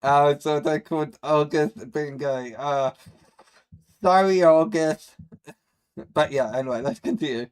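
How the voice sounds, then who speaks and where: A man's voice: on the high side, measured pace, pauses often, clear, resonant tone. A man hosting a reaction video, who rambles bluntly with many fillers and says he has a speech problem. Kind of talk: casual reaction commentary.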